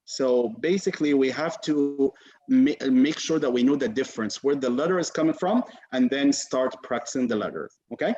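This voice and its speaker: A man's voice: medium pitch, normal speed, darkish tone, slight background noise. A man teaching a class on a video call, patient and encouraging, repeating and modeling sounds for his students. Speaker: Quran recitation teacher. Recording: muffled video call audio.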